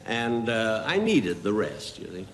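Man, deadpan comic monologue, low voice, slow drawl, hissy old tv broadcast recording. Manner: slow, deadpan storytelling with drawn-out pauses and asides. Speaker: guest comedian. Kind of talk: stand-up comic monologue on a TV variety show.

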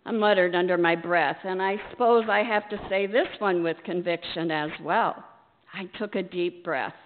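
A woman pastor giving a storytelling sermon in a church sanctuary, unhurried, acting out her own hesitant, self-deprecating lines. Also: lowish voice, slight background noise. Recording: echoey church over a tinny line.

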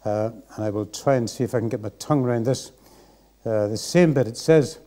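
A mellow-toned man, preaching from the pulpit of a church. He talks in an earnest, reflective, unhurried way. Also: mid-range voice. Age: 60s. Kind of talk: sermon.

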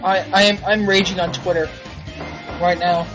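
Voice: mid-range voice, little pitch movement, normal speed, over music. A host of a simulated wrestling show, swearing and ranting in frustration while commentating on play. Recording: dull lo-fi recording.

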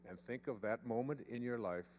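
Mid-range and a little mellow, a man's voice carries through a seminar room as he demonstrates something with a volunteer, teasing them and drawing out words for emphasis. A live audience is present, and the volunteer's handheld mic picks up slight background noise.

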